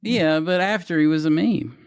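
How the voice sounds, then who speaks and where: A man's voice: fairly high pitch, moderate pace, gravelly, clean tone, dry recording, studio quality. A man co-hosting a podcast in casual chat, rambling and hesitant with many restarts. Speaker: podcast co-host.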